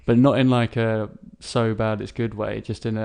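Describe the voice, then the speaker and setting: A young man co-hosting a casual podcast chat, talking bluntly and cursing freely as he tears into a film. His voice sits on the low side and has a gravelly edge to it. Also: normal speed. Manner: blunt, swears freely, animated when ranting. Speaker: podcast co-host.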